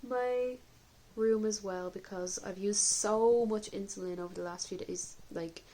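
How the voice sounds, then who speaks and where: A woman's voice: medium pitch, steady tone, unhurried, dark tone, poor audio. Woman vlogger, candid and chatty, home video diary, the odd cough. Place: indoors at home.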